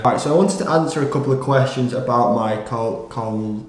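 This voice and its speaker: A man's voice: mid-range voice, normal speed, noisy background. A young man from Ireland, a cycling vlogger casually answering viewer questions indoors. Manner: relaxed, casual, stumbles over words. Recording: echoey room.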